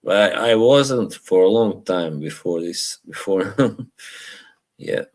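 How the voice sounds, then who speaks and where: A man's voice: low voice, animated, takes it slowly, a little mellow. A man hosting a casual live stream, rambling, chuckling often and reading chat aloud from home.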